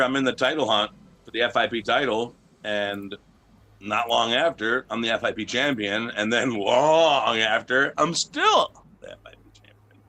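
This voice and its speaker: A man's voice: medium pitch, fairly bright tone. A man being interviewed as a wrestling champion, talking in a brash, boastful, profane way and telling stories casually.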